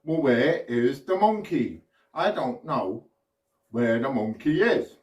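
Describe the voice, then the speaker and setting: A man's voice: mid-range voice, big pitch swings, slow, darkish tone, lo-fi sound. A man from the UK doing a children's magic show, with chirpy, sing-song patter that invites kids at home to join in. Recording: echoey room, far from mic.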